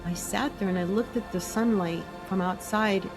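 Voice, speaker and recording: Woman, interview guest, animated storyteller, mid pitch, faint music behind. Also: normal speed. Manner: animated storyteller, acts out her own inner voice. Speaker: guest, essence maker.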